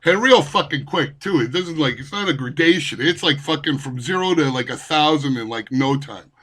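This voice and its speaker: A man's voice: a little high, animated, normal speed, a bit bright. A man delivering an angry, profane rant to camera, heated and cursing, often stumbling and repeating words. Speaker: vlogger ranting.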